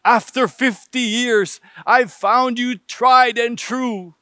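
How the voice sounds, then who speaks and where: A man voicing an elderly husband giving a slow, tender toast to his wife. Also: very high-pitched, steady tone, sharp tone, clean tone, no room sound, studio quality, voice pushed up, heavily acted.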